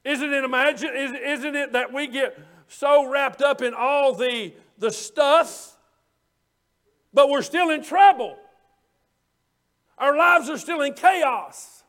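A man's voice: very high voice, slow, pauses often, fairly bright tone. A male preacher giving a fervent midweek sermon, often rising into hollering and repeating phrases for emphasis.

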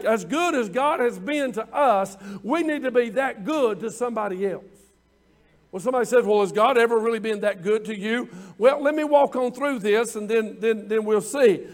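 High-voiced preacher man. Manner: folksy, stretches key words, builds to loud exclamations. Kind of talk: evening sermon.

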